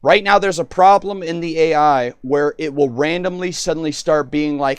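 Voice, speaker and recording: A man on a live stream chatting with an AI, excitable and rambling, often cutting in. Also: on the high side, moderate pace, hardly any pauses, smooth, no echo, clean studio sound.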